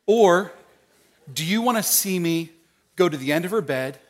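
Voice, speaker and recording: A middle-aged man preaching a sermon, acting out quoted voices and swinging between hushed, tender lines and loud, emphatic ones. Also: high-pitched, expressive, normal speed. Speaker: pastor.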